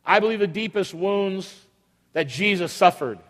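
A male pastor preaching an emphatic sermon, with dramatic pauses and repetition, often acting out the voices of people in the story. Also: high-pitched, a bit bright. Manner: acts out quoted voices of biblical figures. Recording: long hall reverb.

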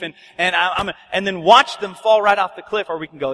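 A man's voice: high-pitched, quick pace, hardly any pauses, bright, forceful tone, long reverb tail. A man preaching a sermon as pastor, urgent and conversational, often acting out bits of dialogue. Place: church sanctuary.

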